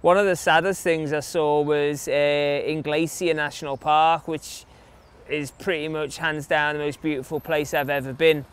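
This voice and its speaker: In an interview, a young adult man from England tells loose, anecdotal stories about his run, peppering them with fillers. His English-accented voice is a little high, clear and resonant, with a level tone at normal speed.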